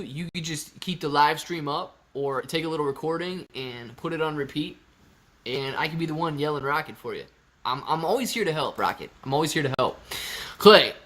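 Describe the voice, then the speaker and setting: Bright-voiced young man hosting a stream. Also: a little high. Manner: joking, reads viewer chat aloud. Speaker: livestream host. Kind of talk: casual live stream chat.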